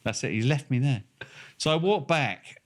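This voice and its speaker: A man's voice: medium pitch, animated, moderate pace. An older man with a Norfolk accent, co-hosting a casual chat and telling a long anecdote, swearing freely and laughing as he acts out the voices of people in the story. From England. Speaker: podcast co-host.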